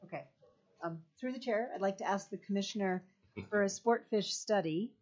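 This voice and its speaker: A woman's voice: mid-range voice, normal speed, a little mellow. A woman legislator asking questions in a committee hearing, polite and somewhat tentative. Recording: muffled lo-fi hearing audio.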